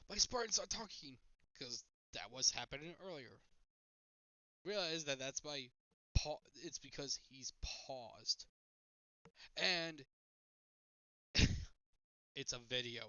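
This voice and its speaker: A man's voice: fairly high pitch, sharp tone, clean tone, no echo. A man chatting casually on a live stream, rambling and joking at his own expense, a little nervous. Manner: rambling, self-mocking, jokey. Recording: dull lo-fi stream mic.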